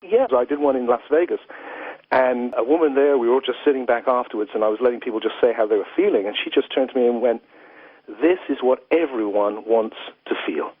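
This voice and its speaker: A man's voice: mid-range voice, fast, slightly rough, no room sound. A man from England, a philosopher giving an interview, talking in an earnest, flowing way with many "you know"s. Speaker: philosopher and guest. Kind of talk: reflective interview talk. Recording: tinny phone line, dry.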